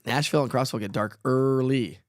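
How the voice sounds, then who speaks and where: Playful and chatty, a man keeps a casual live weather broadcast going, teasing himself and laughing a lot. He speaks briskly at a medium pitch, and the recording is close and dry, with no sense of a room.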